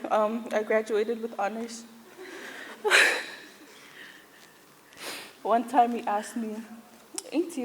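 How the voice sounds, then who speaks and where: Holding back tears, a woman tells funny stories about her grandfather as a funeral tribute during a church service. Her voice is on the high side with a darkish tone, recorded in an echoey hall with faint noise.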